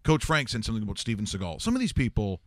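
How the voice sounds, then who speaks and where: A middle-aged man hosting a live-streamed talk show, riffing in animated comedic banter and slipping into mocking impressions, speaking into a studio microphone. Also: on the low side, very fast, dry recording. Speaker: radio show host.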